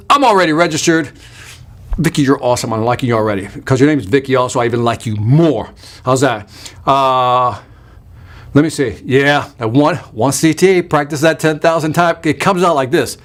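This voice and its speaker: A man hosting a live sales webinar, talking energetically and emphatically and reading out viewer comments as he goes. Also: a little high. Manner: energetic and emphatic, with punchy repetition. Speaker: sales trainer hosting a live online workshop.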